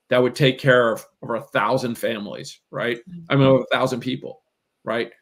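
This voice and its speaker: A middle-aged man with a gravelly voice gives a motivational talk over a live video call. He talks emphatically and keeps checking in with "right?". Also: mid-range voice. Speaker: real estate coach.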